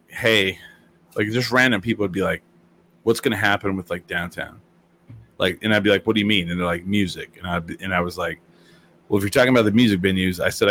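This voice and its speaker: A man chats casually in a deep, fairly bright voice, telling rambling stories packed with fillers and acted-out quotes in different voices. Slight background noise is present.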